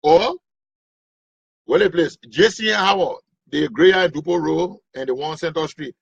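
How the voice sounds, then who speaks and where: Raspy comedian, high voice. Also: male voice, normal speed. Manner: animated and rambling. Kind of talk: stand-up storytelling. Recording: dull lo-fi recording.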